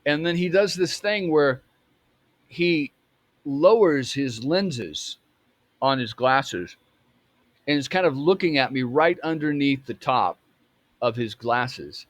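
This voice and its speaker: Halting man in his fifties telling a story. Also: medium pitch, expressive, no room sound. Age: 50s. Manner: halting, full of restarts and fillers. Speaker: storyteller recounting a memory. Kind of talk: personal storytelling.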